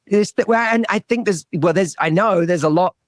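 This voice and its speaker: A man's voice: high-pitched, normal speed, dry recording, clean studio sound. A man who works as a relationship coach, talking as a guest in a podcast interview, telling a personal story earnestly and often restarting and repeating words.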